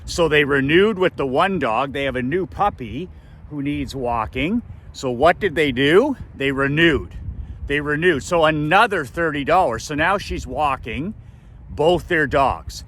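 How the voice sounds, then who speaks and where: A middle-aged man tells a story in a casual vlog, in a slightly high voice with a bright, forceful edge. He is emphatic, takes his time and repeats key phrases for effect. Faint boat and water sounds hum behind him. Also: animated, a little slow. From Canada. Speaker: business coach.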